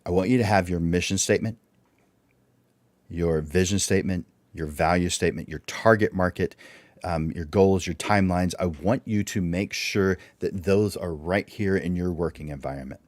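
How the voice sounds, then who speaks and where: A man with a deep, low voice leads a livestreamed workshop on public speaking. He talks in an instructive way and fires off one rhetorical question after another. The sound is dry and close, with no room echo. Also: normal speed, darkish tone. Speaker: workshop presenter.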